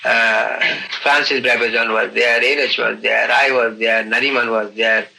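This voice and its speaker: An older man recounting events in an unscripted interview, earnest and halting, often saying "you see". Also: mid-range voice, fairly even intonation, gravelly, sharp tone, rough recording. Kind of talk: unscripted storytelling.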